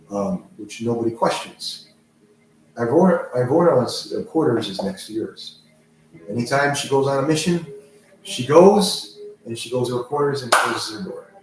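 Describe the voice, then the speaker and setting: Rambling game master in an echoey room. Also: male voice, lowish voice, a little mellow. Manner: rambling, loose, with many fillers and restarts. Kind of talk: narrating a tabletop role-play game. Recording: echoey room, mic far off, faint noise.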